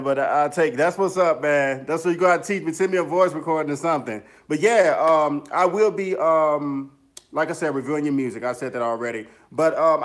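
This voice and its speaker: Upbeat male streamer with a slightly high voice, loose chatty delivery full of shout-outs. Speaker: music producer and YouTuber hosting a livestream. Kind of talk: casual livestream chat greeting viewers. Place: home studio in the mountains.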